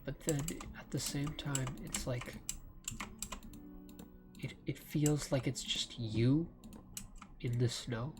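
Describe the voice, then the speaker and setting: A man giving slow, rambling commentary over his gameplay, with lots of fillers. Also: mid-range voice, fairly even intonation, over music. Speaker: let's play gamer. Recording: loud keyboard clicking throughout. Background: keyboard typing and clicks.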